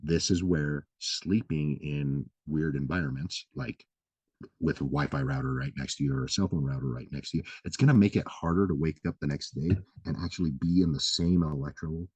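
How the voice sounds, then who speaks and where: Speaking briskly in an extremely low, darkish voice with a breathy edge, a man offers health advice on his vlog with no room sound. His explanations are loose and casual, heavy with fillers and repeated "right?", with casual swearing.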